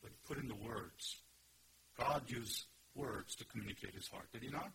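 A man's voice: mid-range voice, moderate pace, creaky, noisy background. A man preaching a sermon, teaching earnestly and emphatically and asking his listeners questions. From Korea. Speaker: pastor. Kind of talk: expository sermon.

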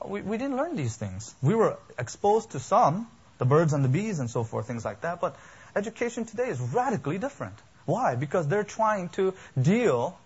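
Male pastor, husky voice, emphatic sermon delivery, dull lo-fi recording. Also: medium pitch. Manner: emphatic, building preaching with lists and rhetorical questions.

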